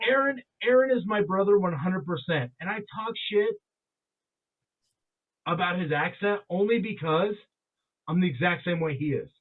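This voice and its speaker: A man co-hosts a casual, boozy podcast, cursing freely and laughing a lot. His voice sits high. The audio is thin and tinny, like a phone line. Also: animated, moderate pace, long pauses. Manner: loud, profane, laughing, slips into mock accents. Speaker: podcast co-host. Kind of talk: casual drunk podcast banter.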